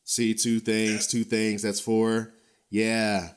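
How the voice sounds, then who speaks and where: A man hosting a podcast, ranting in a blunt, profane, animated way with frequent chuckles and a loose, rambling delivery full of restarts. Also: lowish voice, slow, smooth. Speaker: podcast host. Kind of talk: casual ranting podcast commentary.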